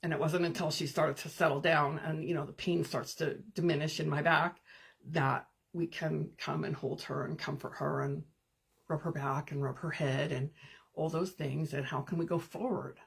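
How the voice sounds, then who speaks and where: Low-pitched and creaky with a breathy edge, this woman's voice carries a live stream where she acts as a spiritual coach. Her guidance is calm, gentle, and meditative, with pauses, and she answers viewer comments.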